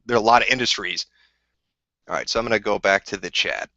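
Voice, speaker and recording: A man's voice: lowish voice, fast, bright, forceful tone, no echo, lo-fi sound. A man hosting a livestream, ranting heatedly and swearing constantly while answering chat questions. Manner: profane, combative, heated. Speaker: livestream host.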